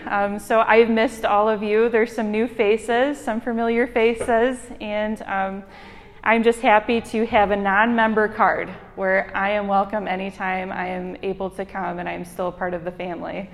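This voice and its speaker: A young woman with a Michigan accent gives a casual sermon, dotted with ums and self-deprecating asides. Her voice sits at an ordinary middle pitch. The sound trails off in the long reverb of a large hall. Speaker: hospital chaplain giving a sermon. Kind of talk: informal sermon.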